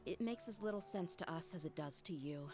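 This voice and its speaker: A woman's voice: fairly low pitch, animated, brisk, music in the background. An actress voicing a loyal, earnest young female servant in a video game, speaking sincerely. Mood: somber.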